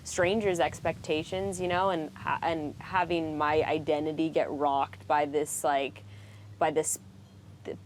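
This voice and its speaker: A woman speaking as a podcast guest in casual, candid conversation, frank and animated with frequent swearing. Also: low voice, measured pace, slight background noise.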